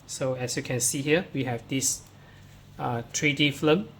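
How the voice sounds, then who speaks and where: A man's voice: mid-range voice, fairly bright tone, slight background noise. A man teaching English, walking pupils through workbook answers and reading the text aloud step by step, starting many sentences with "so". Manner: slow, explains step by step, starts lines with "so".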